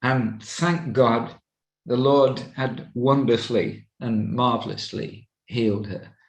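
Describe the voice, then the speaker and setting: Slow older man, roomy sound. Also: medium pitch. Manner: slow, halting storytelling with many fillers. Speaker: evangelist. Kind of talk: personal testimony. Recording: roomy echo.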